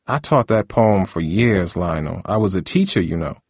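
A man voicing an elderly retired schoolteacher, speaking in a raised, soft, wavering tone. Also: low voice, expressive, moderate pace, breathy edge, no echo, studio quality, full character voice. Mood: reciting, reminiscing. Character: elderly woman, retired teacher, grieving neighbor.

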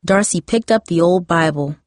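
Low-voiced woman reading a story. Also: moderate pace, no echo, clean studio sound. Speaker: narrator. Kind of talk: storybook narration.

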